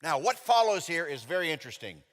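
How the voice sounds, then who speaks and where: A man's voice: on the high side, sing-song, quick pace, a bit bright. A male pastor preaching a sermon, telling the story with jokes and acting out the characters. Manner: jokey storytelling that acts out the characters. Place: church sanctuary. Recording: echoey church hall.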